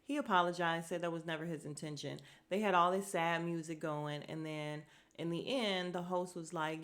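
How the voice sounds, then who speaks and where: A woman's voice: on the low side, steady tone, moderate pace, fairly bright tone. A woman hosting a podcast, chatting casually and gossiping through a reality show recap, talking to her listeners with fillers and asides. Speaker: podcast host.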